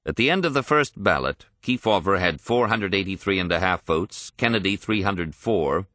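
A man reading a history audiobook in a measured, even storytelling manner. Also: low-pitched, no room sound. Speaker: narrator. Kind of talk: scripted audiobook narration.

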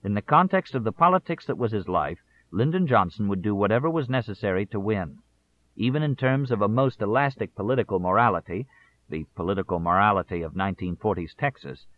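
Male audiobook narrator, lowish pitch, measured delivery, tinny phone-like sound. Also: animated. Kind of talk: scripted narration.

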